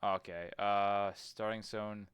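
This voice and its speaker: A man's voice: lowish voice, flat delivery, slow pace, a bit bright, clear, resonant tone, no room sound. A man streaming a game, thinking aloud, swearing casually and reading menu text as he goes. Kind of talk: casual let's-play commentary.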